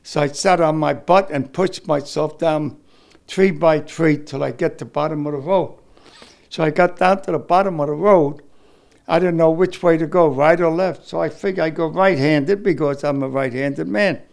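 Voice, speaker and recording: Older New veteran, raspy edge, slightly raised pitch, halting, emotional testimony. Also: male voice, a little mellow. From New York City. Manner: halting, repeats words, emotional. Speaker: war veteran recounting his experience. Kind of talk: oral history testimony.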